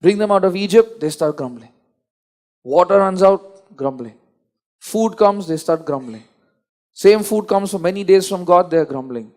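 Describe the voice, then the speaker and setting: A man's voice: high voice, moderate pace, a little mellow. A man preaching a sermon, emphatic and repetitive, often restarting his sentences.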